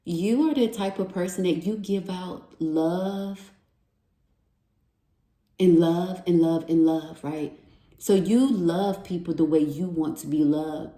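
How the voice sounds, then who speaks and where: A woman's voice: lowish voice, mellow. A woman giving a tarot reading, heartfelt and encouraging, repeating affirmations over and over. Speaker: tarot reader. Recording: roomy echo.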